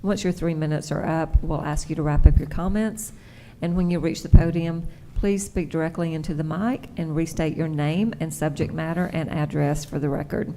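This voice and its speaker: Deep-voiced woman clerk. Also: steady tone, dark tone, a little hiss or hum. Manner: brisk, businesslike. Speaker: meeting clerk. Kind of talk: procedural announcements. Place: county meeting room.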